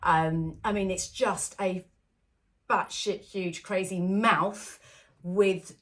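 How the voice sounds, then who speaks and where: A woman's voice: on the low side, fairly even intonation, takes it slowly. A woman co-hosting a casual podcast about films, chatting loosely with many fillers and frequent laughs. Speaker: podcast co-host. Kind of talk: casual film-discussion podcast chat.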